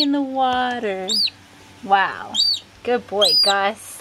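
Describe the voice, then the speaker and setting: Woman filming her pet, slow baby-talking coaxing, very lively sing-song voice. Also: mid-range voice. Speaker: pet owner filming her seagull chick. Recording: loud background noise and bird chirps.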